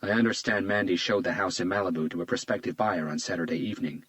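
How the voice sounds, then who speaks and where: A man voicing a calm male homicide detective who questions quietly and gently. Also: sits low, fast talker, no room sound, low-quality recording. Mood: gentle.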